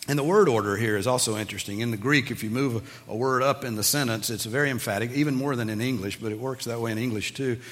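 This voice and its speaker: A man's voice: medium pitch, fast talker, few pauses, in a large hall. A man preaching a sermon as pastor, teaching and asking his listeners emphatic questions. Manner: animated, rising to emphatic questions.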